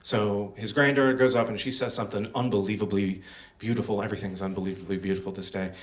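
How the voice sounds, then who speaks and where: A man's voice: on the low side, fairly even intonation, fast talker, fairly bright tone, far from the mic. A young man telling a personal story on stage at a live storytelling show, casual and self-deprecating, with many fillers.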